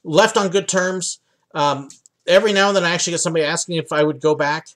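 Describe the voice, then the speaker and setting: A man's voice: on the high side, steady tone, fast talker, a bit bright. A young man from the United States hosting a livestream Q&A from his home office, chatting casually with lots of ums and uhs. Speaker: livestream host answering viewer questions.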